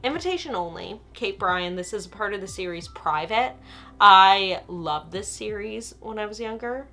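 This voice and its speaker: A woman's voice: medium pitch, animated, normal speed, bright, forceful tone, faint music behind. A young woman chatting casually about her books from home, chatty and self-deprecating, often trailing off and restarting mid-word. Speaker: booktuber. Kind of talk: casual chat.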